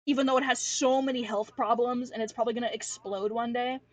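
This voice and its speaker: A woman's voice: on the high side, steady tone, quick pace. A young woman from Alaska rambling casually on a livestream, slangy, self-deprecating and swearing freely, speaking at home at her computer. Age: young adult. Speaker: streamer. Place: home room.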